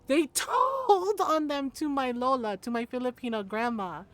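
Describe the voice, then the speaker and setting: High-voiced streamer woman, laughing storyteller. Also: a little slow, no echo. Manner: animated, laughs often, tags lines with "right?". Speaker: gaming streamer. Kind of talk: casual storytelling on a live stream.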